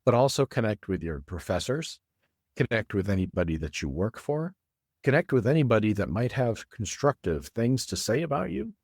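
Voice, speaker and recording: This is a fairly low, darkish male voice with big swings in pitch, captured in a dry, clean studio recording. The speaker is a middle-aged design consultant guesting on an interview, keeping the chat casual and friendly. When he gets to details, he lays them out with careful deliberation.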